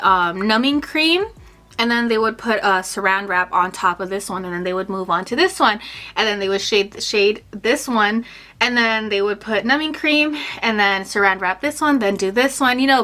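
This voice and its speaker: Chatty bright young woman vlogger. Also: medium pitch. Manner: chatty, full of fillers, acts out quotes. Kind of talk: storytime vlog.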